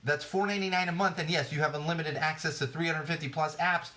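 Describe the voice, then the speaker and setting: A man's voice: a little high, steady tone, quick pace, pushed and bright. Sarcastic, rambling male podcast host. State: tired. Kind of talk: casual live-stream podcast chat.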